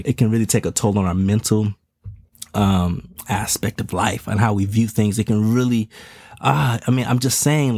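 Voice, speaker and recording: A man's voice: medium pitch, a little mellow, no echo, studio quality. A father of twin toddlers speaking in a casual, earnest monologue. He uses slang and repeats words as he talks. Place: home in Texas.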